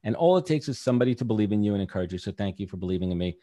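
A man's voice: lowish voice, lively intonation, racing, dark tone. A man in his thirties talking candidly as a podcast guest, rambling with lots of fillers. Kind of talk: casual podcast chat.

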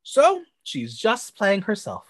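A woman from the United States co-hosts a casual podcast recap, blunt and crude with exaggerated reactions. Her voice swings widely in pitch as she talks. The sound is dry and close, with no room around it. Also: huge pitch swings, slow pace, no room sound. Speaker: podcast co-host recapping a TV episode. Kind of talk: casual chat.

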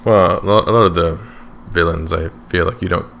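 A man's voice: sits low, steady tone, a little fast, creaky, a bit bright, slight background noise. A man co-hosting a casual podcast chat, mostly giving short agreeing replies. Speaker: podcast co-host.

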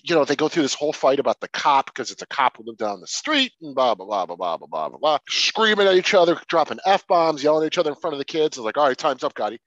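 A podcast co-host in casual chat about a film, animated and mocking. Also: mid-range voice, no echo, highs cut off. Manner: animated, quick to mock and do snippets of character voices. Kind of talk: casual movie review chat.

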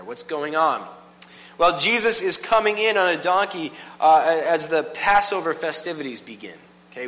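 A man preaching a casual, animated sermon, full of "like" and quick asides to the congregation. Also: on the high side. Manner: animated, filler-heavy with frequent "like". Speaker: pastor. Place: church hall. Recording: long hall reverb, faint hum.

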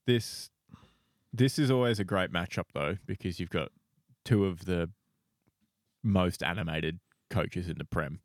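A man's voice: low voice, unhurried, no room sound, clean studio sound. A young man, co-hosting a sports podcast, laid-back, chiming in with short agreements and betting odds. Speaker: podcast co-host. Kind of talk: casual sports chat.

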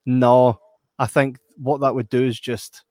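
A Scottish man talks a film over with a friend in a lively, emphatic way. His voice sits at a middling pitch. The recording is dry, with no room sound around him. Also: unhurried, no echo. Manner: animated, emphatic, acts out quoted voices. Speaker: podcast co-host. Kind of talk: casual chat reviewing a film.

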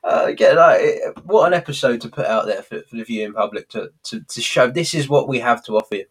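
A man's voice: medium pitch, expressive, fast, breathy edge. A man talking casually as a podcast co-host, enthusiastic and rambling, with frequent chuckles. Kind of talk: casual chat, retelling scenes.

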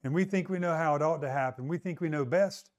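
High-voiced preaching man. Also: quick pace. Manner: conversational preaching, often asks the crowd to agree. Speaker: pastor. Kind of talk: sermon.

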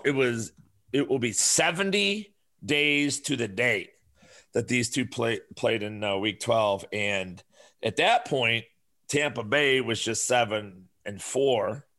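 A man in his forties hosting a podcast, talking casually in a profane, rambling way and telling animated stories. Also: medium pitch. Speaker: podcast host.

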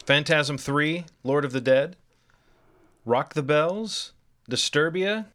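A man's voice: fairly high pitch, lively intonation, takes it slowly, fairly bright tone. A man co-hosting a podcast in casual movie chat, playful, spinning absurd riffs and reading lists aloud. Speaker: podcast co-host.

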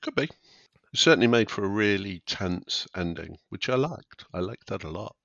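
Man, very deep voice, gravelly, laid-back, muffled lo-fi sound. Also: expressive, moderate pace, fairly bright tone, dry recording. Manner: laid-back, dry, brief replies. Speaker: podcast co-host. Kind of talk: casual chat.

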